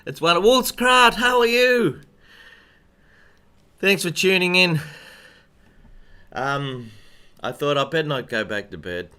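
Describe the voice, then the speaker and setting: A man's voice: a little high, lively intonation, takes it slowly, pauses often, bright, forceful tone, clear, resonant tone. A man hosting a casual live-stream piano lesson, chatty and rambling, greeting viewers by name and still sleepy from just waking up.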